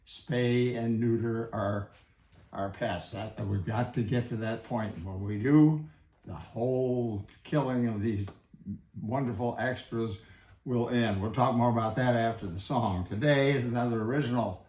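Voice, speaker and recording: An older man, a singer-songwriter, introducing his daily song in a slow, plain-spoken and earnest way. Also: mid-range voice, a little mellow. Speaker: singer-songwriter and shelter founder. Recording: echoey room with guitar. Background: acoustic guitar.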